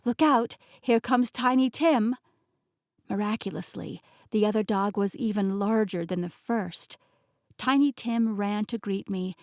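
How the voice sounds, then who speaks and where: A woman narrating a novel in first person with lively, expressive delivery. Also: medium pitch, no room sound, studio quality. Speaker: audiobook narrator.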